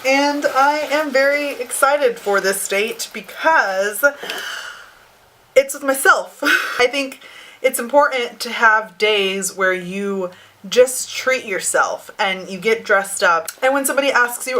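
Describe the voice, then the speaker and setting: A woman's voice: fairly high pitch, a little slow, sharp tone, low-quality recording. A young adult woman talking casually to camera in a bubbly, upbeat, chatty vlog. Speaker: vlogger.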